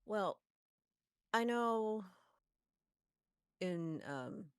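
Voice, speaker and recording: A woman's voice: mid-range voice, animated, very slow, clear, resonant tone, dry recording, studio quality. A woman playing in a tabletop game, rambling and talking about her character in the third person. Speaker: player. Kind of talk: casual tabletop role-play.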